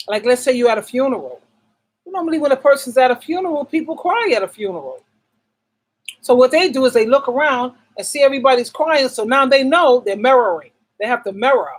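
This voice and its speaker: A middle-aged woman hosts a relationship advice channel, delivering a casual, blunt monologue to camera in a high-sitting voice with a breathy edge, over poor audio. She's emphatic, posing rhetorical questions and answering them herself, and repeats words for stress.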